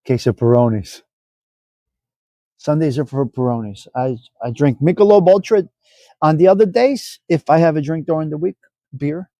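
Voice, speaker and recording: A man's voice: a little high, animated, normal speed, warm tone, no echo. A middle-aged man hosting a casual live stream, bantering loosely and profanely with viewers in the chat.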